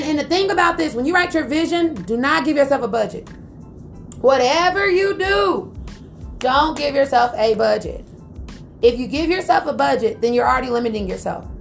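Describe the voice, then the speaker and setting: High-pitched, gravelly woman podcast host. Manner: lively, preachy, talks straight to listeners. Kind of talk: motivational business podcast talk.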